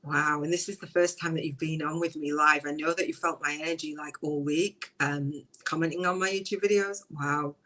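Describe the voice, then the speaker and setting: A woman hosting a live podcast, chatting casually and emotionally, rambling with restarts and breaking into high laughs. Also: fairly even intonation, moderate pace, few pauses, bright, forceful tone, poor audio. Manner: frequent high bursts of laughter. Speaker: podcast host. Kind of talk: casual live-stream chat.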